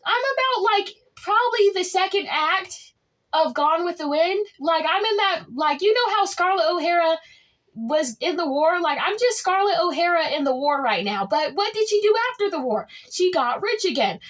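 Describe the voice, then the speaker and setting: A woman with a strikingly high voice tells a storytime to her viewers. She talks boldly and boastfully, leaping up and dropping low for drama. Her delivery stays casual and chatty throughout. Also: fairly bright tone. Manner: dramatic, swings pitch up and down; outspoken and boastful. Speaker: vlogger.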